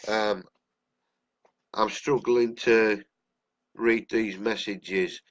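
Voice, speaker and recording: Older english bloke with a cold, ranting angry on a live stream, dull lo-fi sound. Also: male voice, lowish voice, steady tone, extremely slow. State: has a cold.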